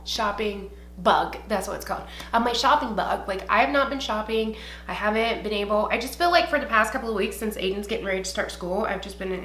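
A young woman talks through her makeup routine in a loose, rambling way, swearing freely and still a little out of breath. Her voice sits fairly high and comes across bright and forceful. The room around her rings noticeably. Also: a little hiss or hum. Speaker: beauty vlogger. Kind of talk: casual get-ready-with-me chat. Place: home room, indoors. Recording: echoey room.

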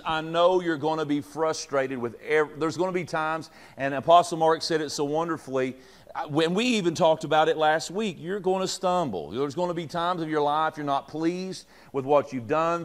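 A middle-aged man, a pastor teaching leaders in a folksy, joking way with many fillers and restarts. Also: a little high. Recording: long reverb from a hall.

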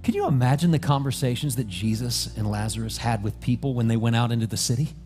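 A man's voice: mid-range voice, quick pace. Man preaching with vivid storytelling. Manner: storytelling, acting out scenes. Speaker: pastor. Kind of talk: sermon. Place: church sanctuary. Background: soft music.

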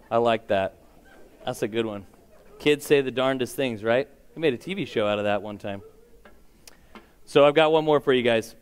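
Joking guy doing the church announcements, smooth clear voice, pretty upbeat. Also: medium pitch.

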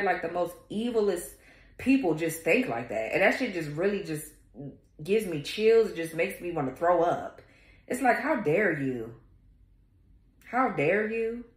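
Profane, ranting woman tarot reader. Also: on the low side. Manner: profane, confrontational, rants at haters. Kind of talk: tarot reading rant. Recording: echoey room.

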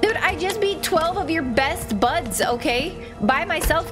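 A woman streamer giving casual, joking commentary while playing a video game, often shouting reactions. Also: sits high, animated, a little slow, few pauses. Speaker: gaming streamer. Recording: game audio and music playing behind. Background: game music.

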